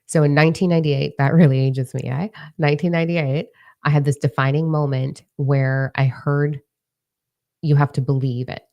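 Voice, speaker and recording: A middle-aged woman with a low, gravelly voice gives a candid motivational talk. Her tone is dark and mellow, and she talks bluntly, swears freely and repeats words for emphasis. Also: little pitch movement, moderate pace. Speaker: motivational speaker.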